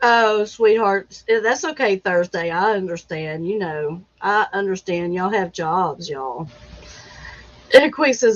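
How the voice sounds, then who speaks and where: A woman hosts a relaxed livestream, greeting viewers by name and talking at an unhurried pace. She laughs easily and keeps it chatty. The stream audio is dull and lo-fi. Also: mid-range voice. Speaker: livestream host. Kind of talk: casual live chat.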